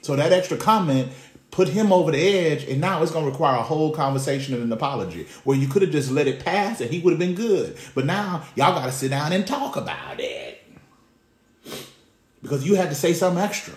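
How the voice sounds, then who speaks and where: Slang-loving animated preacher man, roomy sound. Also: on the high side, fairly quick. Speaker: pastor. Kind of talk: sermon. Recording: roomy echo.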